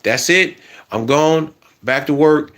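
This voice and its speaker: A man's voice: fairly high pitch, slow pace, a bit bright. A man talking casually in a motivational vlog, repeating earnest, encouraging affirmations to himself and to viewers. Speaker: motivational vlogger. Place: home washroom.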